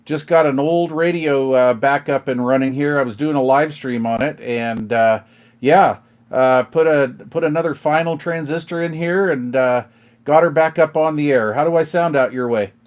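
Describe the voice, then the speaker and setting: A middle-aged man with a somewhat high voice talks at a moderate pace on a live stream, sitting at his kitchen table and making calls on his CB radio. His chatter is casual, slangy, and packed with radio jargon.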